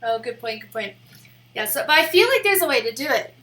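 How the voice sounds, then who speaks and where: A woman's voice: fairly high pitch, sing-song, fairly quick, a bit bright. A young woman streaming live, rambling in a casual, giggly way with lots of "like" fillers. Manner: rambling and giggly, heavy use of "like".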